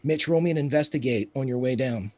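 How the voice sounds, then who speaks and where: A man's voice: mid-range voice, warm tone. A man narrating scenes and calling for dice rolls as game master of a tabletop game. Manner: descriptive, unhurried, calls for rolls.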